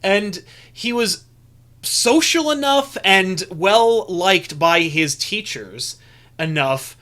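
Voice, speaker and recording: A man's voice: high-pitched, lively intonation, slow, pushed and bright. A young adult man co-hosting a podcast, telling a rambling story full of restarts in casual chat. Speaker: podcast co-host.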